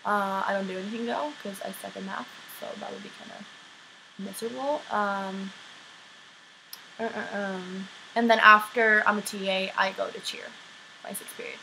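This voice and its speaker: A woman's voice: mid-range voice, fairly even intonation, moderate pace, gravelly, bright, forceful tone, slight background noise, poor audio. A teenage girl from Sweden with a light Swedish accent, chatting casually through viewer questions in a vlog, with many "um"s and "like"s. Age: teens. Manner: chatty, filler-heavy, frequent "um" and "like". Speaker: exchange student vlogger.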